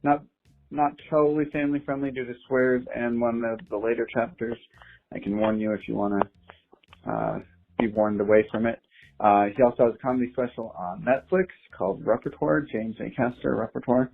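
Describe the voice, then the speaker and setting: A man's voice: mid-range voice, fairly quick, gravelly, slight background noise. A man leaving a friendly, casual voice message recommending something to the show. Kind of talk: recorded voice message. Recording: tinny phone line with faint music.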